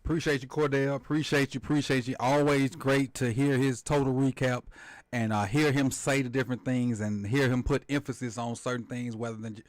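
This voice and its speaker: A man's voice: medium pitch, fairly even intonation, a little fast, no echo. Laid-back male streamer, dry close sound. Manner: playful, repetitive, loose. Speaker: livestream host. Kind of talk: casual live chat. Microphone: desk microphone.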